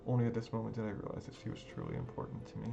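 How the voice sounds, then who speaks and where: A man's voice: lowish voice, huge pitch swings, racing, gravelly. A man reading a visual novel aloud in a dramatic, emotional first-person narration over background music. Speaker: gaming video creator. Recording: music playing underneath.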